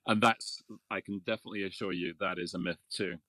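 A middle-aged man from England talks about his voiceover work in a low, easy voice. He is self-deprecating, laughs often and fills pauses with ums. The sound is dry and close, with no room around it. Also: fairly even intonation, bright, forceful tone, dry recording. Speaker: voiceover artist, guest. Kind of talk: casual interview talk.

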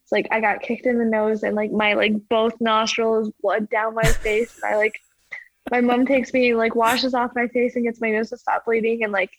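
A young woman with a fairly high voice tells stories in a relaxed interview. She rambles, leans on "like" constantly and laughs through her words. The sound is dry and close, with no room around it. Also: moderate pace, dry recording, poor audio. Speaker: ski jumper guest. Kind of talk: casual interview storytelling.

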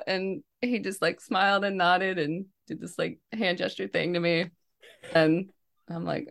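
Woman podcast co-host, casual chat, animated storytelling, laughs often. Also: medium pitch, fairly quick, vocal fry.

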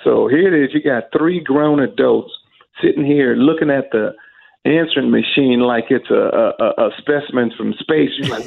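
A man's voice: mid-range voice, moderate pace, vocal fry. A man in an interview, telling a story animatedly and acting out the quoted dialogue. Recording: phone-like narrow band with faint music.

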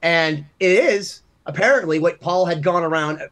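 Animated storytelling man, mid-high voice. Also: moderate pace. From Massachusetts. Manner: animated storyteller, swings loud and quiet. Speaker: podcast co-host. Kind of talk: casual chat.

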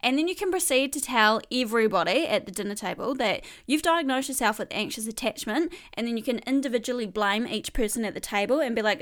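A woman's voice: on the high side, a bit bright. A young woman hosting a podcast, chatting through a comedic column with rambling, laughing asides. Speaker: podcast host reading her column. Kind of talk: casual comedic monologue.

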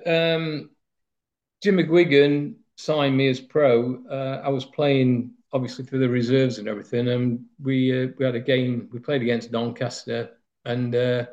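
This medium-pitched, darkish voice belongs to a Nottinghamshire man recalling his time playing football. He rambles through anecdotes with many fillers in an interview recorded with slightly dull, lo-fi sound.

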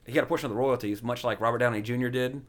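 A man in casual podcast chat who rambles enthusiastically, full of uhs and you-knows. His voice sits at an ordinary middle pitch. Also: fairly even intonation, very fast. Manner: rambling, lots of fillers, enthusiastic. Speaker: podcast host.

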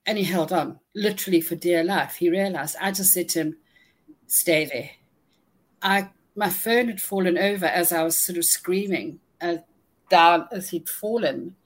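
A woman recounting a personal ordeal in an interview, halting and restarting often, audibly shaken but holding herself together. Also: on the low side. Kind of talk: emotional first-person storytelling.

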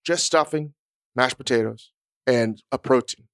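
Smooth-voiced man, blunt and profane. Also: medium pitch, unhurried, fairly bright tone, no room sound, studio quality. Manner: blunt, profane, self-mocking. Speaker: podcast co-host. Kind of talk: casual chat.

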